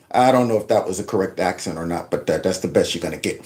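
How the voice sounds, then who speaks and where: A man's voice: on the low side, fast talker, hardly any pauses. A man hosting a casual political commentary show, folksy and mocking, with lots of asides. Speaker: show host.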